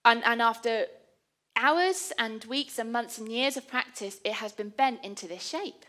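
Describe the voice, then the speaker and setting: A woman delivers a sermon in an easy, conversational way. Her voice is bright and clear, pitched a little high. She tells stories with animation and a self-deprecating touch. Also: measured pace. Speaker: preacher.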